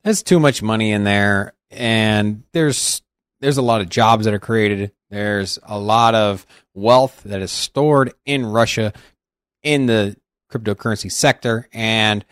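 A man's voice: medium pitch, no echo, studio quality. Hesitant man thinking aloud on crypto. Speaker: podcast co-host. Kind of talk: casual crypto market chat.

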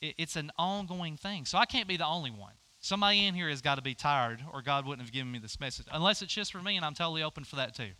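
A man's voice: on the high side, animated, fast talker, hardly any pauses, sharp tone, dry recording. A man preaching a sermon, telling a personal story and acting out both sides of the conversation. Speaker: pastor.

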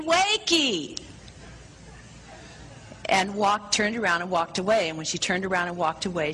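A woman's voice: lowish voice, a bit bright, slight background noise, low-quality recording. A woman preaching, telling a story to a congregation in an enthusiastic, breezy manner. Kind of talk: sermon storytelling.

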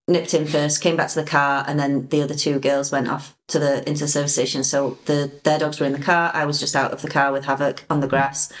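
Low-voiced woman chatting casually. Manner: chatty storyteller, frequent ums. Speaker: podcast co-host. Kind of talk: casual chat.

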